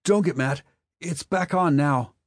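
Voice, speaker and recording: A man's voice: mid-range voice, expressive, measured pace, no room sound, voice pushed up. Cast: a man playing a worried teenage boy, his voice lifted and pleading, in a dry, close read. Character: anxious sixteen-year-old boy.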